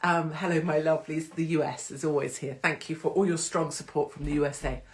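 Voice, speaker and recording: A woman's voice: low voice, steady tone, brisk. Sweary, joking woman live-streaming. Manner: irreverent, joking, sweary, does mocking voices. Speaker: host of a live social media stream. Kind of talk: casual live-stream chat. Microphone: phone.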